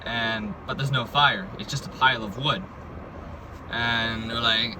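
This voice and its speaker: A man's voice: medium pitch, steady tone, moderate pace. A man casually telling a dream, rambling and filling his talk with like and right?. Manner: rambling, full of likes and right?s. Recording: distant mic, loud background noise.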